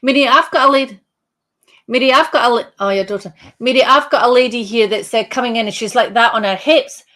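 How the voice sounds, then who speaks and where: A woman medium giving a live streamed reading, speaking haltingly, repeating and restarting phrases, and addressing the sitter by name. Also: fairly high pitch, fairly bright tone. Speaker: psychic medium.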